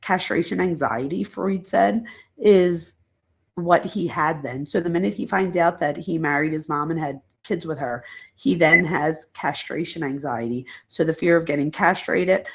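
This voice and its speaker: A middle-aged woman hosts a casual livestream, explaining ideas and talking straight to her viewers. Her voice is rough with fry and a little husky. She rambles, tosses in asides and pokes fun at herself. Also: deep voice, moderate pace. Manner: chatty, rambling, self-deprecating asides; addresses chat viewers directly. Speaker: psychologist and true crime channel host. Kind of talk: casual livestream lecture chat.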